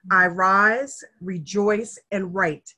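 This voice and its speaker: In casual conversation, a middle-aged woman with a medium-pitched voice and drawn-out words shares her family history as a guest, earnest and emotional, growing animated when she acts out the people she quotes.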